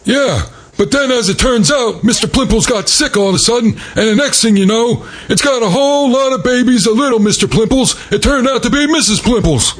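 A man's voice: extremely high pitch, expressive, a little fast. A man playing a goofy, pranking sitcom husband with jokey sitcom delivery. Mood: joking.

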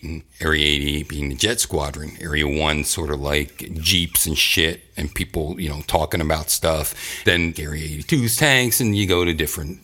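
A man's voice: rumbling low, sharp tone. A man hosting a casual chat, rambling and profane, often laughing as he recaps a story.

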